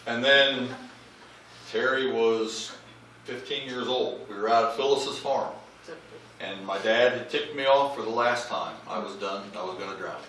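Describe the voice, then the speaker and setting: A man delivers a funny eulogy for his father, acting out the lines of each story. His voice is bright and forceful. It rings through a big echoey hall, heard from well back from the mic. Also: mid-range voice, a little slow, recorded from a distance, a little hiss or hum. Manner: animated comic anecdotes, acting out quoted lines. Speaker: eulogist, child of the deceased. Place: large memorial service hall.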